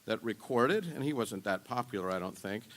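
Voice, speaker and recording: A man speaking at a university symposium, explaining music history in a relaxed, conversational way. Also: lowish voice, a little fast. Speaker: symposium lecturer.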